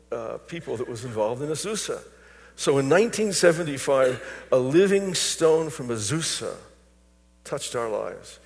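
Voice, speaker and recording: An older man preaches to his congregation in a church, weaving personal stories into his message at a middle pitch. His voice rings with the long reverb of a big sanctuary. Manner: storytelling, personal anecdotes. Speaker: pastor. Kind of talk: sermon. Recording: long reverb of a large hall.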